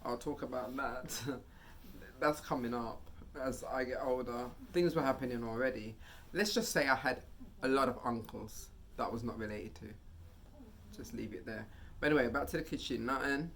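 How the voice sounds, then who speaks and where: A man vlogging a casual storytime monologue, animated, getting loud and high at tense moments. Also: a little hiss or hum.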